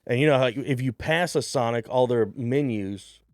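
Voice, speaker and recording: Animated storytelling man, dry close sound. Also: medium pitch, moderate pace, dry recording. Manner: animated storyteller, acts out voices, swears freely. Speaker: stand-up comedian guest. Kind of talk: casual storytelling.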